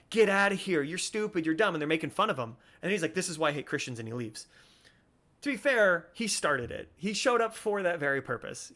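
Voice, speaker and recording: Young male podcast host, earnest and preachy, rambling with restarts, slightly high voice. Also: fairly bright tone. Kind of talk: casual commentary.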